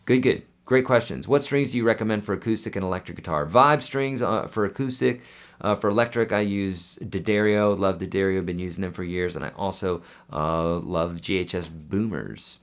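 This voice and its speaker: A man's voice: sits low, normal speed. A man hosting a casual live Q&A as a guitar teacher, chatty and friendly, with lots of fillers and restarts.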